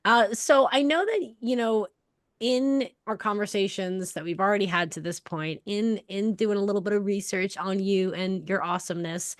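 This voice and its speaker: A woman's voice: mid-range voice, no echo, studio quality. A woman hosting a podcast, bubbly and enthusiastic, chatting casually and laughing often. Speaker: podcast host. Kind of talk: casual interview chat.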